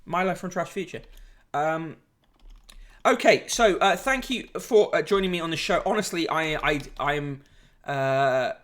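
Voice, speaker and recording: A man's voice: on the high side, measured pace, a bit bright. A man hosting a casual live-streamed newspaper review, sardonic and rambling, with lots of ums and uhs. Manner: sardonic, rambling, with frequent fillers. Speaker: host.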